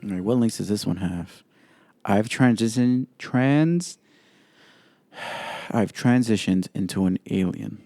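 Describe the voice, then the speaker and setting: A man's voice: fairly low pitch, slow, creaky, long pauses, dark tone, no room sound, soft background music. A man hosting his own podcast solo, talking in a blunt, profane, opinionated way. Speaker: podcast host. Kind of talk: casual solo podcast commentary.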